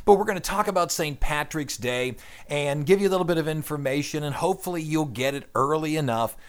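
A man's voice: a little high, fairly quick. A man hosting a radio show in a studio, chatting wryly and wandering off on tangents. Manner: chatty, wry, tangent-prone. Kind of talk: casual radio chat.

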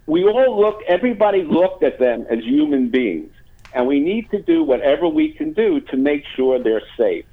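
A man's voice: fairly high pitch, very animated, normal speed. A man being interviewed as a guest, telling a story in a rambling way with many fillers and restarts. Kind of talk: phone interview. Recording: tinny phone line.

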